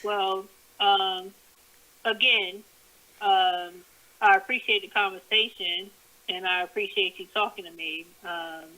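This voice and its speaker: A woman calling in to a talk show, speaking earnestly and haltingly, repeating her points as she goes. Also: medium pitch, steady tone, sharp tone. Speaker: caller. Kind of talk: casual phone-in conversation. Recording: tinny phone line.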